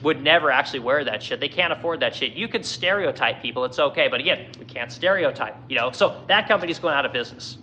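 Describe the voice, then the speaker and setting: Forceful, profane ranting business owner. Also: male voice, mid-range voice, expressive, fast, hardly any pauses, dull audio, a little hiss or hum. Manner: profane, angry, heated. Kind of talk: ranting monologue. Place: furniture workshop in Missouri.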